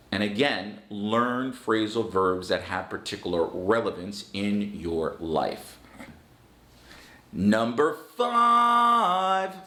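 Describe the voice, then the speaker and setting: Slow, deliberate man teaching English. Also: sits low, a bit bright, reverberant. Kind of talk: online English lesson.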